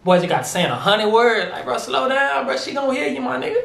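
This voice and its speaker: A man with a high voice reacting to a song and talking straight at the artist. He speaks fast and slangy, calls everyone bro and big homie, and jumps between jokes and mock lectures. His voice bounces around an echoey room. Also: gravelly. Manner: animated, slangy, keeps addressing the rapper as bro and big homie. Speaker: music reaction video host. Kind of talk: casual reaction commentary.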